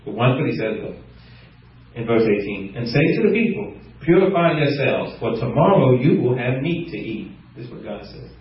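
Guy preaching a sermon from far off in a big echoey room, dull lo-fi sound, laughs a lot. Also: normal speed. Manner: laughs often, animated rises in pitch when stressing points; reads scripture aloud in a lower, steadier voice.

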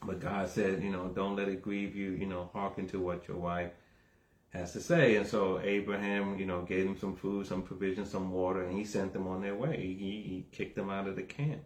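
A man preaching a conversational sermon that starts low and calm and builds into emphatic, raised exhortation. He repeats himself and keeps checking with the listeners. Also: normal speed, roomy sound. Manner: repeats words, asks the audience "right?".

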